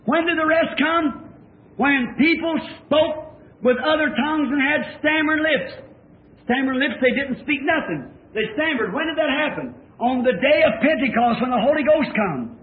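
An older man preaching a fervent sermon that rises to shouts. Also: very high voice, animated, moderate pace, reverberant. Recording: tinny old lo-fi tape, congregation faint.

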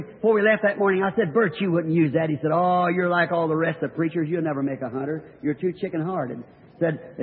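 A man preaching, telling a story in a sermon with folksy rural grammar and earnest emphasis. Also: high-pitched. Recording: old tinny recording of a reverberant hall.

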